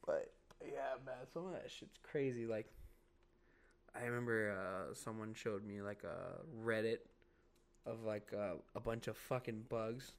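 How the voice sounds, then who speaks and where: This young man co-hosts a podcast, spinning rambling stories in casual conversation packed with "like," "dude," and profanity. His voice is fairly low and his delivery unhurried.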